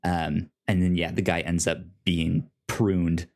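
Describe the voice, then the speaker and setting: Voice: sits low, little pitch movement, slow pace. A podcast co-host chatting casually about a TV episode, rambling with many fillers and restarts. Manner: rambling, full of fillers and restarts, acts out quotes in silly voices.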